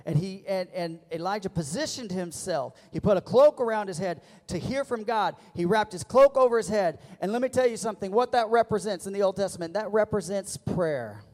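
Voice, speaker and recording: A man preaching a sermon as pastor, leading the congregation in call-and-response and building to loud emphatic peaks. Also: high voice, animated, brisk, few pauses. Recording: long church reverb.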